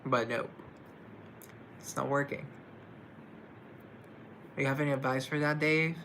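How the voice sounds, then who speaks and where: A relaxed man chats through a livestream at an unhurried pace, his voice carrying a gravelly rasp. He reads out viewer comments and answers them playfully, joking with himself along the way. A faint hiss of noise sits under the voice. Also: medium pitch. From United States. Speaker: livestream host. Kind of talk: casual livestream chat reading comments.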